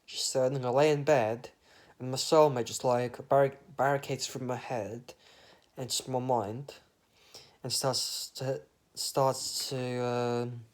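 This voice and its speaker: A man's voice: mid-range voice, flat delivery, slow pace. A man talks in a loose, meandering monologue with a mid-range voice. His train of thought wanders into absurd tangents, and swearing slips in offhandedly. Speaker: vlogger. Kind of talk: rambling comic monologue.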